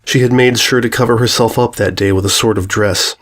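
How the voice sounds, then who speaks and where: A man giving a scripted narration of a fan-written story in a steady storytelling delivery. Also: on the low side, a little fast.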